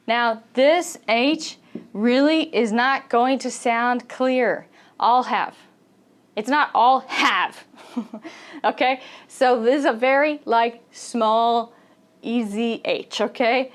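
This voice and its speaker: Slow, clear woman teacher. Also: fairly high pitch. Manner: repeats phrases, checks in with "okay?", laughs often. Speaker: English pronunciation teacher. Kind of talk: slow, deliberate teaching with modeled phrases.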